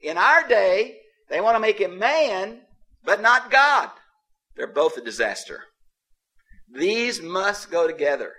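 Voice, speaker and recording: Guy teaching bible class, emphatic, kinda high voice, chuckles a lot. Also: a little slow. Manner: animated, emphatic, chuckles to himself.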